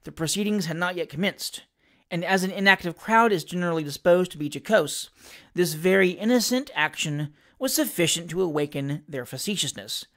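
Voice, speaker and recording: Animated storyteller reading a classic novel, voice rising and falling freely. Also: medium pitch, brisk. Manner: expressive, lively storytelling. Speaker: audiobook reader.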